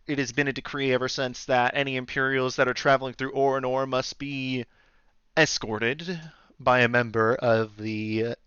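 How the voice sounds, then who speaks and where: A man's voice: mid-range voice, pushed and bright, smooth, no echo, muffled recording. A man voicing an elf guild leader, speaking politely and formally and restarting his sentences as he feels for his words.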